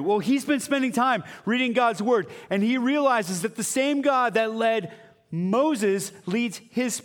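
Animated male pastor preaching in a hall. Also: high-pitched. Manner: conversational and animated, with sudden drops to a quiet voice. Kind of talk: sermon.

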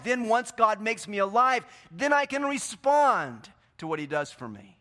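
A man preaching a sermon in a church, swinging between loud, emphatic bursts and quieter scripture reading. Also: sits high, sing-song, moderate pace, few pauses. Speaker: pastor. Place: church sanctuary.

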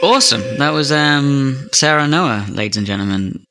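A man's voice: mid-range voice, expressive, normal speed, over loud music. A man hosting a podcast who wraps up in a casual, joking manner. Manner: playful, joking. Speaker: podcast host.

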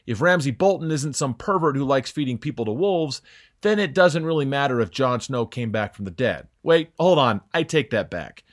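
A young male sports host reading a scripted opinion rant. His pitch swings widely as he mocks and exaggerates. His delivery is sarcastic and theatrical. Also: animated, moderate pace. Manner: sarcastic, mocking, theatrical emphasis.

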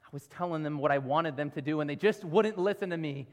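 A man's voice: fairly high pitch, fast. Male pastor preaching in an echoing hall. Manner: earnest, pleading rhetorical questions. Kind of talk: sermon. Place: church sanctuary. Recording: reverberant church hall.

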